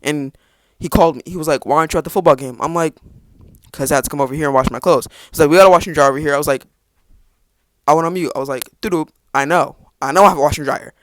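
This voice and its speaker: A man's voice: a little high, very fast, a bit bright, dry recording. A teenage boy telling a rambling personal story on his podcast, with restarts and sarcastic asides. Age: teens. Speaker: podcast host. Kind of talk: casual storytelling.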